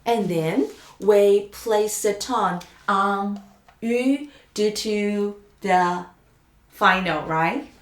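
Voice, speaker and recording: Slow, patient woman teaching pronunciation. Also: mid-range voice, reverberant. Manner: drawn-out syllable drills, many fillers. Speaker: Chinese language teacher.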